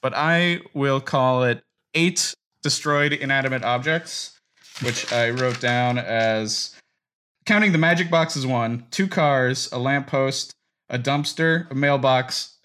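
A man with a bright, ringing voice hosts a casual podcast conversation. He moves the talk along between segments, easygoing and chatty. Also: mid-range voice, slow, slight background noise. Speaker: podcast co-host. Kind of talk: casual chat.

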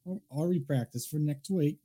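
A man's voice: on the high side, normal speed, warm tone. A man co-hosting a casual podcast chat, hesitant and giggly. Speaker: podcast co-host.

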